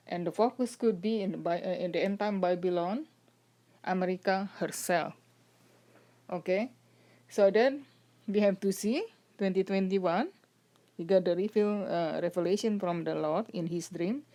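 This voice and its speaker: A woman giving casual religious commentary as a vlogger, speaking haltingly with frequent "uh" and "okay?" check-ins. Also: mid-range voice, mellow. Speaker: vlogger commenting on prophecy videos.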